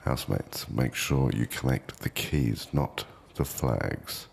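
A man giving formal scripted announcements in a measured, commanding way, setting out instructions to contestants. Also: a bass voice, animated, vocal fry, a little mellow. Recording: long reverb on the voice.

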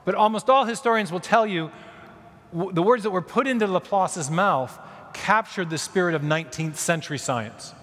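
A man giving a conference lecture in a large church hall, telling history as a story with asides and quick self-corrections. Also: high voice, fairly bright tone. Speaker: conference speaker. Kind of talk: public lecture. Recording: long reverb of a large hall.

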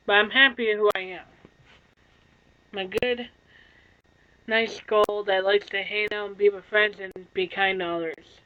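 A tired woman streamer in casual chat, soft-spoken and apologetic, yawning now and then. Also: medium pitch, fairly even intonation, unhurried, long pauses, muffled recording.

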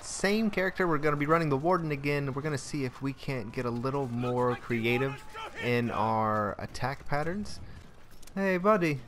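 A man's voice: mid-range voice, normal speed, fairly bright tone, slight background noise. A young man hosting his own channel, giving playful, joking commentary over his gameplay and now and then singing a silly made-up song. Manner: joking, playful, sings improvised silly songs. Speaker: gaming channel host.

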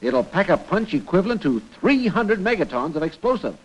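An actor voicing a gruff, commanding male colonel who heads a space organization in a 1960s cartoon, giving brusque orders. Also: sits high, big pitch swings, brisk, heavily acted, low-quality recording.

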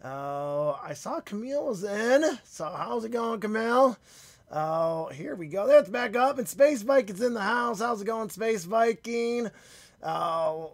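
Chatty man with a husky, fading voice. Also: high voice, no room sound. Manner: chatty and upbeat, greets viewers by name. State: losing his voice, phlegmy. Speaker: card-breaking stream host. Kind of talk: live stream chat.

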